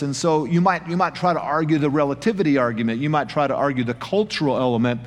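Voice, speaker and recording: A man's voice: on the high side, steady tone, fast talker, hardly any pauses. A man preaching a sermon, telling anecdotes in a folksy storytelling manner with self-deprecating humor. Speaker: pastor. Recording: long reverb of a large hall.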